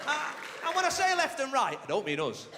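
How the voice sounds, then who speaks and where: A male comedian works a large theatre, his voice high and full of swoops. He stays cheeky and animated, dropping in silly character voices. Long hall reverb and loud crowd laughter surround him. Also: brisk, heavy background noise. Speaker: stand-up comedian. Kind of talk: stand-up comedy set. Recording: live theatre recording with audience laughter.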